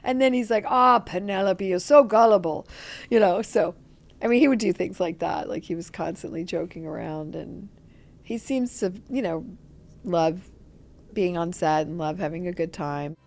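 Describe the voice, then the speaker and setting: A woman's voice: fairly low pitch, moderate pace, vocal fry, mellow. A woman, an actress, telling a playful anecdote in an interview and acting out the quotes. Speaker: actress guest. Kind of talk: storytelling interview.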